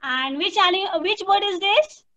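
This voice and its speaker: A woman's voice: extremely high pitch, animated, normal speed, a bit bright, muffled recording. A woman, teaching young children an online lesson, patiently repeating prompts and imitating animal sounds. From India. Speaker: primary school teacher.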